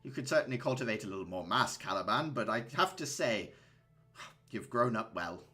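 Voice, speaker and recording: Flamboyant plump uncle, smug and jovial, put on by a male game master; bright, lively. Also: a little fast, faint music behind. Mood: teasing. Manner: theatrical, fussy, high-pitched gushing.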